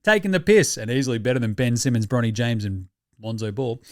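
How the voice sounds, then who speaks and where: A man's voice: mid-range voice, sing-song, a little fast, no room sound. Sweary Australian man, dry close mic. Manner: swearing, laughing, rambling banter. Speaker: podcast host. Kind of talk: casual sports commentary.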